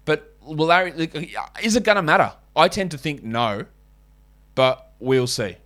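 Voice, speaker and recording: A man's voice: on the high side, big pitch swings, unhurried, a bit bright. A man with an Australian accent hosting a podcast, giving casual, blunt and opinionated sports analysis and swearing now and then. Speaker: podcast host.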